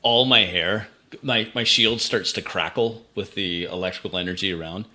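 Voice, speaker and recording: A man playing a tabletop sci-fi game, briskly describing his character's actions. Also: sits low, bright, forceful tone. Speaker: player.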